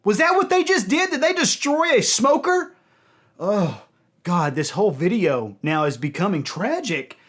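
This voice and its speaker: A man hosting a music video reaction, talking to his audience and breaking into loud cries of dismay and delight. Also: high voice, sing-song, measured pace. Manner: addresses audience as ladies and gentlemen.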